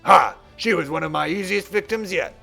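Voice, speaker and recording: A man's voice: sits high, moderate pace, vocal fry, pushed and bright, soft background music, full character voice. A man voicing a mean, hulking male tournament bully who taunts and gloats. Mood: taunting.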